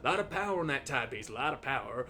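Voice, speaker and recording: A man's voice: medium pitch, expressive, fast, bright, forceful tone, a little hiss or hum. A man voicing a laid-back hipster character in a video game, coaxing in groovy slang. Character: smooth-talking groovy man who calls everyone baby.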